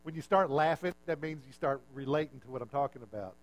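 A male pastor preaching a sermon in a conversational, self-mocking way, lowering his voice for asides and punchlines. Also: quick pace.

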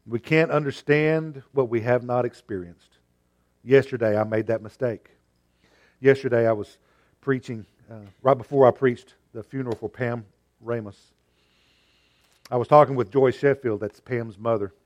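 A male pastor preaching an earnest sermon, moving between emphatic and hushed delivery. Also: medium pitch, fairly even intonation, moderate pace, lo-fi sound.

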